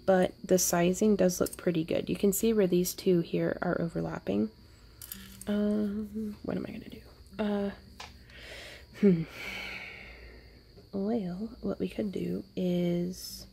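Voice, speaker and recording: A woman hosting a wire-wrapping jewelry tutorial, thinking aloud casually as she works, with playful little sound effects and soft asides. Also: on the low side, vocal fry, a little hiss or hum. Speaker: jewelry-making tutorial host. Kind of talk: casual crafting tutorial narration.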